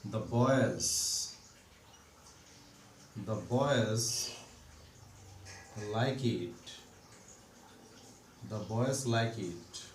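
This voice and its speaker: This English teacher's voice sits on the low side, and he talks very slowly with frequent pauses as he works through a grammar lesson step by step, repeating each example. A distant mic gives a roomy sound with faint background noise.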